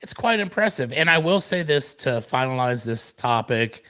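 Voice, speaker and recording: This mid-range male voice has a sharp tone, lively intonation and a moderate pace. Co-hosting an online morning show, he chats easily with viewers, spinning stories and calling them "folks."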